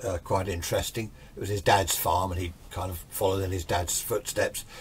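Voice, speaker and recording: A man's voice: low-pitched, steady tone, moderate pace, slight background noise. An older man telling a ghost story in a rambling, chatty, self-deprecating way. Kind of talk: casual spoken ghost story.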